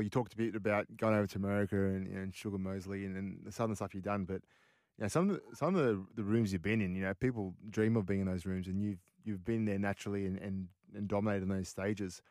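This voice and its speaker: A man's voice: fairly low pitch, a little mellow, no echo, studio quality. A man hosting an interview, encouraging and asking questions. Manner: supportive, quick affirmations. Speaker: podcast host. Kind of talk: casual interview.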